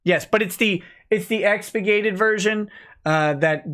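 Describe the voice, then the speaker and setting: A man's voice: sits high, a little slow, fairly bright tone. A man hosting a casual livestream, reading and commenting in a sardonic, mocking, chatty way with many fillers. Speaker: lawyer and livestream host.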